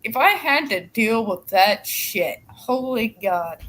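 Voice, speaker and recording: A woman's voice: on the high side, animated, slow pace, a crowd in the background, low-quality recording. A woman co-hosting a casual livestream, blunt and sarcastic, swearing casually.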